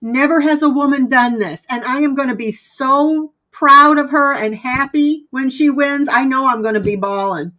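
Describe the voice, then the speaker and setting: High-voiced woman speaking earnestly. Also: moderate pace, hardly any pauses, bright, forceful tone, poor audio. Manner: earnest, emotional. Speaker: guest. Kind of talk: casual live-stream chat.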